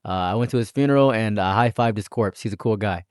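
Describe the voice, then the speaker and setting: A man hosting a casual commentary chat, rambling and joking with excitable bursts. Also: fairly low pitch, quick pace, clean tone, no room sound, clean studio sound. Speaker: channel host.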